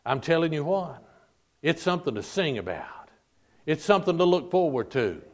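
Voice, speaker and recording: A man with a fairly high voice preaches with fervent emphasis, repeating phrases and drawing out the words he stresses. He leans on the congregation, calling them folk and pressing each point home. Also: very animated, moderate pace. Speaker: pastor. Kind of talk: sermon. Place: church service.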